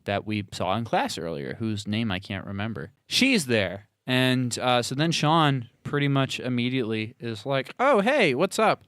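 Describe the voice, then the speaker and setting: Here a male co-host keeps the loose movie recap going, filler-heavy and rambling, slipping into playful voices when quoting. His mid-range delivery is sing-song and smooth at a normal speed with hardly any pauses, a touch bright, captured in clean studio sound with no echo.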